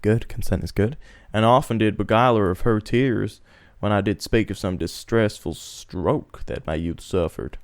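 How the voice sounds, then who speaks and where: A man reading as a grave soldier, low and dry. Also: no room sound. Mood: measured. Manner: stumbling over words, halting. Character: noble soldier telling his story, grave. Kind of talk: comic script reading.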